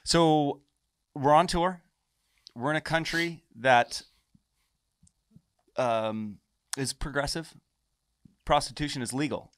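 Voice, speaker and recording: A man's voice: a little high, takes it slowly, pauses often, dry recording. Dry-voiced man telling a wild story. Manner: animated, swears a lot, acts out quoted lines. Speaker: podcast guest, musician. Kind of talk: casual storytelling.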